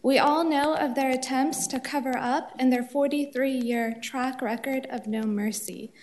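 A woman's voice: sits high, a little mellow. A woman reading an earnest prepared statement as a public commenter at a city council meeting.

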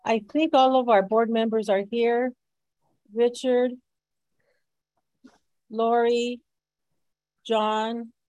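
A woman's voice: a little high, darkish tone, no echo, low-quality recording. Hesitant woman chairing a board meeting. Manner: hesitant, casual, full of fillers.

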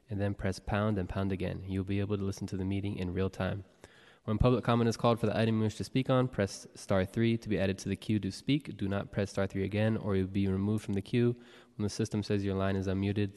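A man serving as board clerk, reading the roll call and announcements in a brisk, formal way. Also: on the low side, dark tone. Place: city hall legislative chamber. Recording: long reverb of a large chamber.

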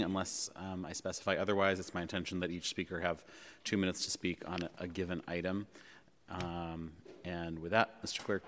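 Deep-voiced man chairing a public meeting. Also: a bit bright. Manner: measured, with frequent ums and uhs. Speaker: board chair. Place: legislative chamber in a city hall. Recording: long reverb of a large chamber.

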